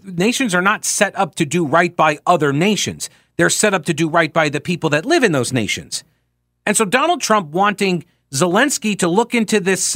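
A talk radio host in full monologue, his voice pitched high for a man and leaping up and down as he talks. He leans into sarcasm, tossing in mocking quotes and quick asides. The sound is dry and close, with no room around it. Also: fairly bright tone, dry recording.

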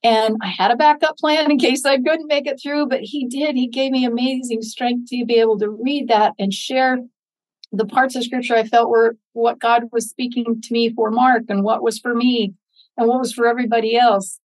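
Middle-aged woman guest, earnest heartfelt storyteller, voice a bit high. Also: fairly even intonation, normal speed, darkish tone, poor audio. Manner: earnest, heartfelt, quotes scripture aloud. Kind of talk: emotional personal storytelling.

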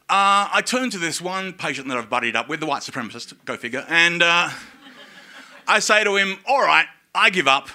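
A man's voice: on the high side, sharp tone. A man telling a personal story in a casual, profane, self-mocking way.

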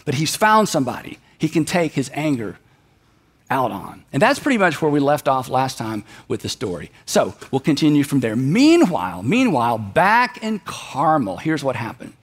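A man's voice: mid-range voice, normal speed, husky. A man preaching a sermon, retelling a story in a conversational way and acting out the characters' lines. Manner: animated, conversational, acts out the characters. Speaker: pastor.

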